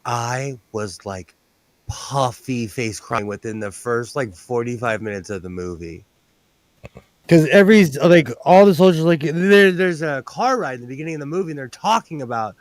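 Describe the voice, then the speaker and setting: A man's voice: medium pitch, expressive, normal speed, no echo. A man hosting a casual chat while sewing, rambling and telling stories with animation. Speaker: host.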